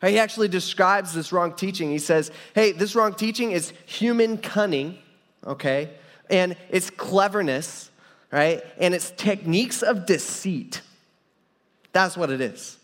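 A young man with a fairly high voice preaches in a casual, rambling way, stopping and restarting as he tells a story. His voice carries a long reverb, like a large church hall. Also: measured pace, a bit bright. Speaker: pastor. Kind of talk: sermon with personal story.

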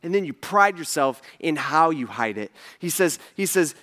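A male pastor delivering a sermon with a high, bright and forceful voice. He talks to the congregation casually, throws rhetorical questions at them and pushes his emphatic points hard. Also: expressive, normal speed. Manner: conversational, asks the audience rhetorical questions; emphatic, builds to forceful passages.

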